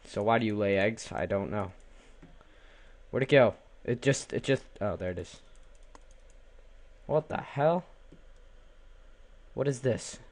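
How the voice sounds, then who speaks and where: Young man, goofy let's-play commentary, low-ish voice, keyboard clicks nearby. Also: slow pace, pauses often, darkish tone. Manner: goofy, talks to the animals, repeats words in a silly chant. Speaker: gaming channel host.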